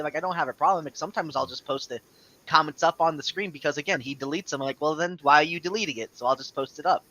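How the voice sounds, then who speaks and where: A man in casual chat, quickly recounting an online argument over a lo-fi recording. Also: fairly high pitch, sharp tone. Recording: dull lo-fi mic.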